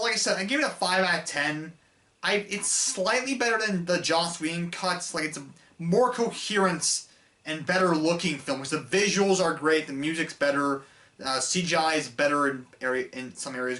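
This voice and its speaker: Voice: mid-range voice, sharp tone. A film reviewer talking casually in an unscripted rant, rambling and exasperated, with lots of fillers and restarts.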